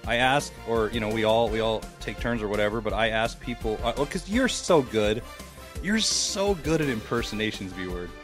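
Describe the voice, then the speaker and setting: A man's voice: lowish voice, expressive, moderate pace, music in the background. A man co-hosting a podcast, chatting casually and crudely and laughing as he explains a game. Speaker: podcast co-host. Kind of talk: casual banter.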